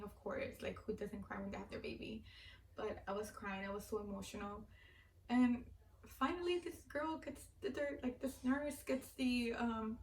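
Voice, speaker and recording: A woman's voice: medium pitch, roomy sound, far from the mic, slight background noise, rough recording. A young woman in her twenties telling a personal story in a casual, heartfelt way, full of fillers and a little teary. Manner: filler-heavy, heartfelt, repeats "like". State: teary-eyed. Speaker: vlogger.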